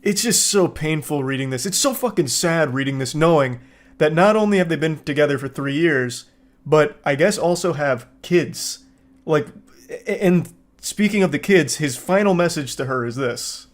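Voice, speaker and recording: A man hosting a reaction commentary, sitting a little higher in pitch than most men. He is sarcastic and exasperated, and he swears freely as he tears into the messages he reads aloud. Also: lively intonation, unhurried. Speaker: commentary host.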